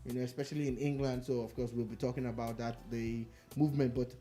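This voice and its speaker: Man, radio co-host, mellow dark tone, dry teasing banter, faint music. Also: mid-range voice, steady tone, fast. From Nigeria. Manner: dry, mock-offended ribbing.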